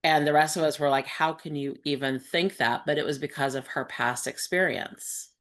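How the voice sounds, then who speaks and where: Female host, very low voice, reflective conversational delivery. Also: steady tone, normal speed, fairly bright tone. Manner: reflective, thoughtful, with frequent fillers. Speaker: host and support group facilitator. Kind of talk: conversational group discussion.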